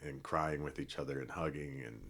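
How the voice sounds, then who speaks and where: A middle-aged man from Colorado, a podcast guest telling a long story in a relaxed, rambling way with many fillers and restarts. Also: extremely low pitch, moderate pace. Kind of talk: casual storytelling.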